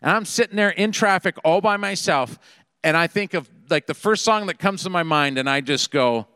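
A middle-aged man preaching a sermon, telling a personal story in an animated, conversational way. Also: on the high side, moderate pace, smooth, no echo, in a large hall. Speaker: pastor. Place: Seattle area.

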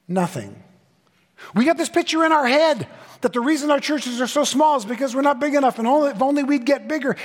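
A middle-aged man preaching a conference sermon with punchy, comic asides and mock voices. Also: extremely high pitch. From Southern California. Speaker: pastor. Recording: long hall reverb.

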